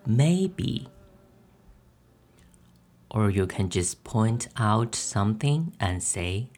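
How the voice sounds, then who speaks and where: Guy teaching a beginner lesson on his podcast, super slow, says everything twice, low voice. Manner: slow, careful, repeats each phrase twice for practice. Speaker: podcast host teaching language. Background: soft background music.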